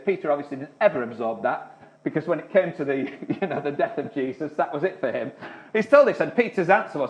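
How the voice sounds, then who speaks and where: A man's voice: a little high, sing-song, fast talker. A man preaching a sermon, speaking earnestly and often restarting his words. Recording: dull lo-fi recording.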